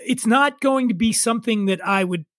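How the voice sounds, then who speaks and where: A man's voice: high voice, normal speed, fairly bright tone, no room sound. A middle-aged man telling stories in casual chat, profane and opinionated. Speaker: podcast guest.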